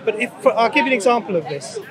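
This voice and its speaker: A man in an outdoor street debate, speaking in a measured way and building his points with everyday examples into a handheld mic. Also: extremely high pitch, expressive. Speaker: Muslim preacher. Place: outdoors in a public urban space. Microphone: handheld microphone held out by a crew member. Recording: street recording with crowd behind.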